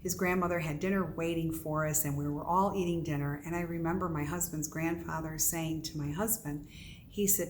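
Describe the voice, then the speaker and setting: A woman's voice: sits low, steady tone, fairly quick, slight background noise. A middle-aged woman, a psychic medium, talking casually to the camera in an earnest storytelling manner, asking questions and answering them herself.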